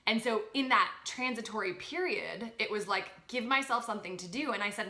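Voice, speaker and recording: A woman talking as a podcast guest about spiritual growth, animated and expressive, acting out her inner voices. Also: mid-range voice, a little fast, echoey room. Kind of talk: spiritual coaching conversation.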